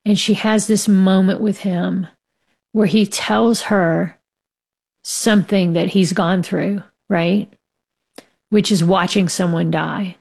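A woman's voice: medium pitch, steady tone, slow pace, creaky, darkish tone. A woman, a novelist, talking frankly and with strong opinions as a guest in an interview, laughing now and then as she speaks. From United States. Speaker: author as guest. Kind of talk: casual interview talk.

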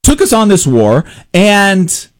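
A man with a high, very lively voice hosts a political commentary show. He talks in a halting way, full of fillers and restarts, and breaks into wry laughs. His pitch swings widely as he builds his argument.

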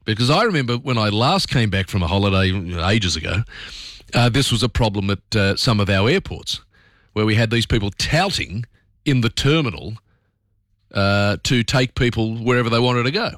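A man's voice: fairly low pitch, expressive, normal speed, fairly bright tone, dry recording, clean studio sound. An Australian man hosting talkback radio, talking through his opinions in a conversational, opinionated way with plenty of fillers.

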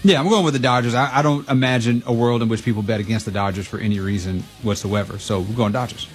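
A man appearing as a guest on a sports radio show, making picks in a relaxed, wry way. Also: mid-range voice, fast, faint music behind. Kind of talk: casual sports picks chat.

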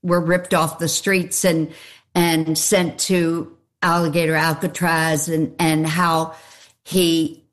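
A woman speaking from her home in an interview, slow and earnest with hesitations. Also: low voice, level tone. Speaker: interviewee, nonprofit founder. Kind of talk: casual interview answers.

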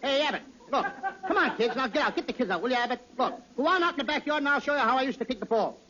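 High whiny comic man on old radio. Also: lively intonation, rapid-fire, crowd noise. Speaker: comedian in radio sketch. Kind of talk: 1940s radio comedy acting. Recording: hissy dull old radio recording.

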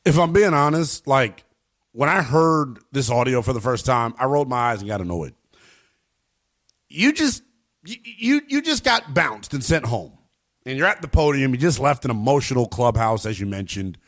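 A man giving emphatic, opinionated sports commentary in a slangy, animated way. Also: mid-range voice, moderate pace.

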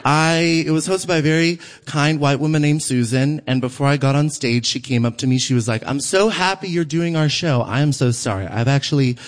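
Give me an animated young man performing stand-up comedy on a theater stage. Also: fairly high pitch, brisk, hardly any pauses. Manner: animated, acts out quotes, laughs often.

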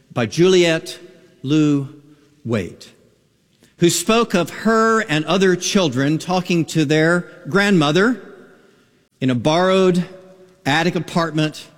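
A male pastor delivers a sermon at an unhurried pace, his pitch rising and falling widely as he tells a story with dramatic pauses. His voice sits a little high and carries a long reverb, like a radio broadcast with faint music underneath. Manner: expressive preaching with dramatic pauses.

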